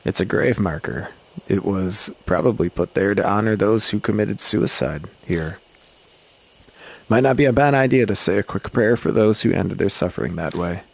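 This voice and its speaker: A man streaming a horror game, reading the text aloud at a measured pace with casual asides. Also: fairly low pitch, gravelly, slightly rough. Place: home streaming setup.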